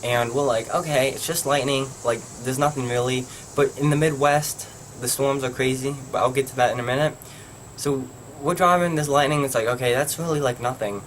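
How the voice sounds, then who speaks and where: A man's voice: mid-range voice, steady tone, fairly quick, a little hiss or hum. Rambling young man telling a story. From Pennsylvania. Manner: rambling, heavy use of "like". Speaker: vlogger. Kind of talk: casual storytelling vlog.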